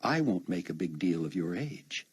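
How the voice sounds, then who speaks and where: A man voicing a teasing young woman college student, bright and quick-witted. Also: low voice, big pitch swings, breathy edge, full character voice. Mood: playful.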